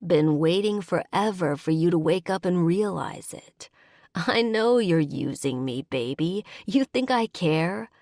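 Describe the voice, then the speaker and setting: A big, possessive werebear man, as a woman reader puts him on speaks low and commanding, with a teasing edge. His lines come slowly and close on a dry, studio-like track. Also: animated, a little mellow, dry recording.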